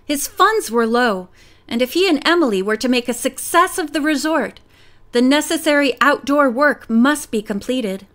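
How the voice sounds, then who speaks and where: Woman narrator, high voice, clear and even audiobook reading. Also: moderate pace.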